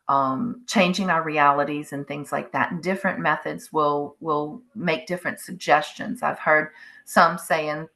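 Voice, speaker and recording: A middle-aged woman speaks slowly and gently as she guides listeners through letting go of their frustration. Her tone is bright and forward. Now and then she slips into the voice of someone's inner thoughts. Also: lowish voice. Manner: slow, soothing, acts out inner voices. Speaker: spiritual wellness channel host. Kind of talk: guided self-help talk.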